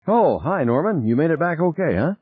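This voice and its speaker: Guy doing a cool confident lady scientist, raised voice, kinda husky, dull lo-fi sound. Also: sing-song, a little fast, no room sound. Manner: breezy, raised voice, put-on female pitch. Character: woman scientist, adult, cool and self-assured. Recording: slightly dull lo-fi recording.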